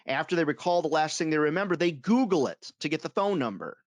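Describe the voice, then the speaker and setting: A man leading a sales webinar for advertising reps, telling stories in an animated, self-amused way. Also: on the high side, quick pace, no room sound. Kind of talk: webinar talk.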